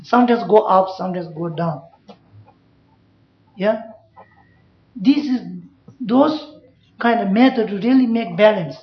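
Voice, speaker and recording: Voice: mid-range voice, measured pace, long pauses. A Buddhist teacher giving a Dharma class, speaking in simple broken English and checking in with "you know" and "yeah?". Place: class room. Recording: echoey, dull room recording.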